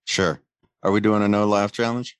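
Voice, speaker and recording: A man's voice: on the low side, little pitch movement, normal speed, clean tone, no room sound. A man co-hosting a casual talk show, making dry, wry remarks. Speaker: co-host. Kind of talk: casual chat.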